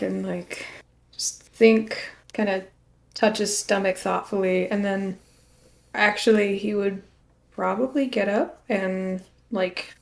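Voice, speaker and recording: A woman's voice: medium pitch, creaky, darkish tone. A woman playing a tabletop game, thinking through her character's actions in a casual way full of fillers. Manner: thoughtful, casual, many fillers and likes. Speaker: player.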